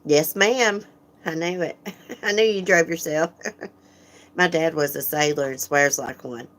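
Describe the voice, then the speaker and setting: A woman with a low voice hosts a casual livestream. She talks frankly and chattily, laughing often and greeting viewers by name as she reads their comments. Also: unhurried, a bit bright. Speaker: livestream host.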